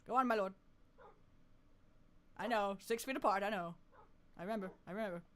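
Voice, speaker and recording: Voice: mid-range voice, brisk, slight background noise. A streamer giving live gameplay commentary, playfully talking with mock deference and often laughing.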